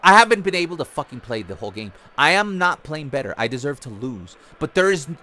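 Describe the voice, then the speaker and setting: Male gaming streamer, high and bright voice, swings wildly in pitch, swears and rants at the game. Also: big pitch swings, quick pace. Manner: frustrated, swearing, ranting at the game. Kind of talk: live gameplay commentary.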